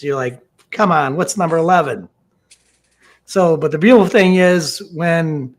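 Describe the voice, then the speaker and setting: Exasperated man telling a phone story. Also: fairly high pitch. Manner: exasperated, acts out both sides of a phone call. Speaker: comedian contestant. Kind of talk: stand-up storytelling. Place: remote video call. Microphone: video call mic.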